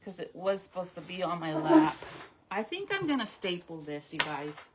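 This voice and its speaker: A woman with a lowish, sing-song voice hosts a live craft demonstration, chatting casually and greeting viewers by name at a moderate pace. Her nose sounds slightly stuffy, and the background is noisy.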